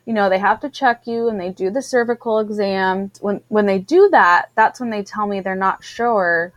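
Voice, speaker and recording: A woman in her thirties chatting casually, telling a story in an animated way and acting out what people said. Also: medium pitch, moderate pace, no echo. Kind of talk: casual chat.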